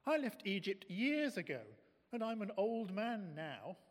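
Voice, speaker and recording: A man's voice: sits high, sing-song, a little slow, exaggerated voice. A man reading aloud, voicing a shy, anxious old shepherd in a nervous, pleading way. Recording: echoey hall.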